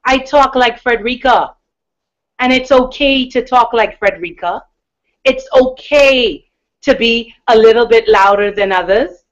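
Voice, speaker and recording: A woman from the Bahamas with a deep, powerful voice gives an emphatic, encouraging motivational talk as a mindset coach. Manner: emphatic, encouraging, with slow stressed words. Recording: dull lo-fi recording.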